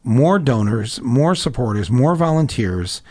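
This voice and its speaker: A man's voice: mid-range voice, sing-song, a little slow, darkish tone. Rambling man hosting a chatty podcast. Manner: rambling, lots of restarts and fillers, jokey asides. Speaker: podcast host. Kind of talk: casual conversation.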